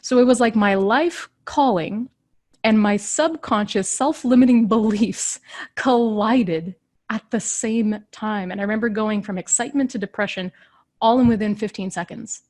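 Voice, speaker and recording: A woman in her thirties speaks as a coach in a live session, her voice pitched in an ordinary middle range. She tells her own story earnestly, with heartfelt emphasis and shifting tempo. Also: moderate pace, darkish tone. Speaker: leadership coach. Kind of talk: motivational personal storytelling.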